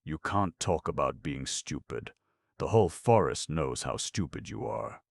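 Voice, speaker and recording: A man voicing a bitter, blunt female crow who speaks plainly and gravely in a storybook reading. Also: a bass voice, animated, a little slow, no echo, full character voice. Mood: scornful. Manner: blunt, bitter, working-class.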